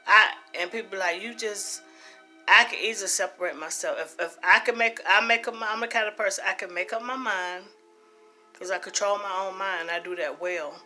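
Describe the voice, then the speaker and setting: A woman's voice: fairly low pitch, pushed and bright. A middle-aged woman talking earnestly and emphatically about her own life, repeating phrases for stress. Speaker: host. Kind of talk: personal testimony talk.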